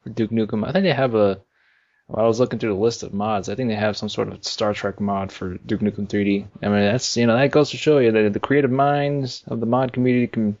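A man co-hosting a casual gaming podcast, rambling and halting with lots of fillers. His voice sits low and comes through a dull, lo-fi recording. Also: fairly even intonation, a little mellow. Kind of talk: casual chat about video games. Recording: dull lo-fi sound.

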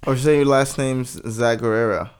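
A young man co-hosting a casual podcast, joking and teasing with quick comebacks. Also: medium pitch, fairly even intonation, clear, resonant tone. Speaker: podcast co-host.

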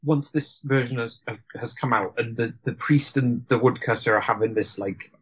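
A man's voice: medium pitch, normal speed, breathy edge, rough recording. A man in casual conversation about a film, rambling with many restarts and frequent laughs.

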